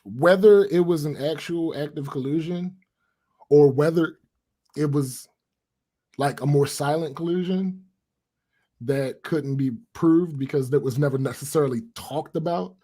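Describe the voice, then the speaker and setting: A man co-hosting a podcast in casual chat, thinking out loud with restarts as he lays out his reasoning. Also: on the high side, unhurried. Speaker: podcast co-host.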